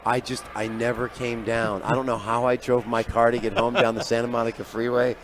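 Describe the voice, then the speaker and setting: A man who is a sports handicapper, telling an animated story as a guest on live sports radio and acting out the people he quotes. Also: mid-range voice, brisk, crowd noise. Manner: lively raconteur who acts out quoted voices, often trailing off quietly. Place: live broadcast booth at a radio event.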